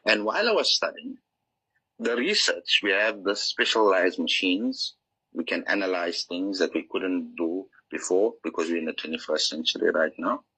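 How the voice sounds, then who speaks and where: A man's voice: deep voice, expressive, normal speed, pushed and bright, breathy edge, rough recording. A man being interviewed as an author, explaining his ideas in an earnest, teaching manner and acting out examples. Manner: earnest, explanatory, acts out inner voices. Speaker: author guest.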